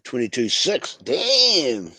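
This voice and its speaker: A man's voice: medium pitch, wildly swooping pitch, slow, sharp tone, breathy edge, dry recording. A man with a New Zealand accent hosting a casual fan livestream, laid-back and slangy, calling everyone bro. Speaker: fan show host.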